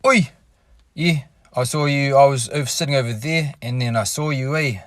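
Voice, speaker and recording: A man's voice: mid-range voice, normal speed, no echo, clean studio sound, close to an everyday voice. A man putting on a cocky, blunt bloke with a broad New Zealand accent chatting up a girl. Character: cocky bogan Kiwi guy chatting up a girl.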